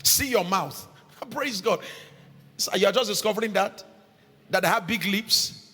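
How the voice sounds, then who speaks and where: A man's voice: high voice, measured pace, bright, forceful tone, husky. A male pastor preaching a sermon to a congregation in a church hall, asking the crowd questions as he goes. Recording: long hall reverb, faint music behind.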